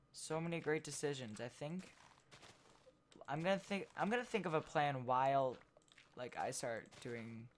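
A gameplay video host giving casual commentary while building, thinking out loud and trailing off mid-sentence. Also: mid-range voice, a little hiss or hum.

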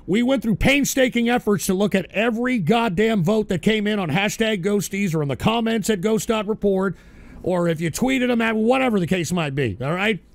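A man hosts an online awards segment, swearing and ranting. His voice is high and gravelly, and it swings widely in pitch. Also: no room sound. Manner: profane, shouty, animated. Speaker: online show host.

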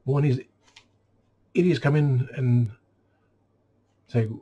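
A man's voice: medium pitch, unhurried, long pauses, dark tone, husky. A man who works in a store, ranting casually and sarcastically about customers and mimicking them in mock voices. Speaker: store clerk venting. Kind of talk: casual rant.

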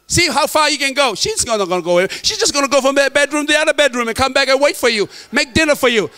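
A man's voice: very high voice, animated, fast, bright, forceful tone. A middle-aged man preaching a sermon to the men, emphatic and joking. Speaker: pastor.

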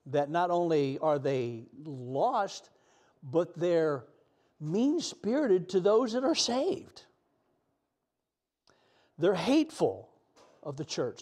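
A man's voice: fairly high pitch, darkish tone, slightly rough. A middle-aged man preaching a sermon in an earnest, emotional way, sometimes close to tears.

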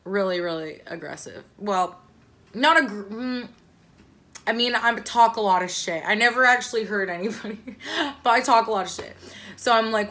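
A young woman with a bright, forward voice at a middle pitch tells a story to camera in a loose, rambling way. She swears freely and fills gaps with likes and ums. When she quotes herself, her voice jumps shrill and loud. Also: moderate pace. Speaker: vlogger telling a personal story. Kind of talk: casual storytime monologue.

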